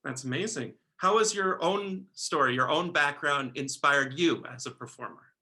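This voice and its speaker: A man's voice: fairly high pitch, moderate pace, bright, forceful tone. A man interviewing an actress, asking long, chatty, winding questions.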